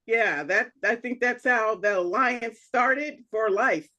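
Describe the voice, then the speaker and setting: A woman's voice: fairly high pitch, slow pace, pushed and bright. A woman co-hosting a podcast in casual chat, rambling with lots of "you know" and laughing often. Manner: laughs often while telling stories. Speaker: podcast co-host.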